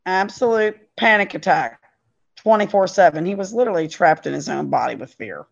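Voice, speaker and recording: A woman's voice: fairly low pitch, lively intonation, a little fast, vocal fry. A middle-aged woman, a podcast guest and parent, telling a story in an earnest, emphatic way. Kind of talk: casual storytelling. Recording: dull lo-fi sound.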